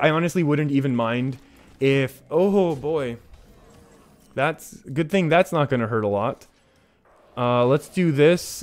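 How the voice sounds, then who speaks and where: A Canadian man talks his way through a live game stream in a loose, conversational voice. His pitch sits right in the middle for a man. He rambles and laughs at himself, breaking off and restarting his sentences as he answers his chat. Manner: chatty and self-deprecating, chuckles and restarts mid-sentence. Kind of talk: casual live-stream gameplay commentary.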